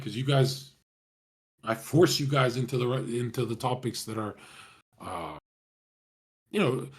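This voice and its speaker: A young man talking casually to his viewers, rambling in slang, swearing often and calling everyone bro. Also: mid-range voice. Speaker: streamer talking to chat.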